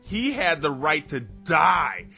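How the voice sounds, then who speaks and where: A man co-hosting a podcast, comically acting out a story and switching between a calm officer and a furious ranting woman. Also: fairly high pitch, slow pace, creaky, muffled recording, faint music behind. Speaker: podcast co-host. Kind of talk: comedic casual chat acting out a story.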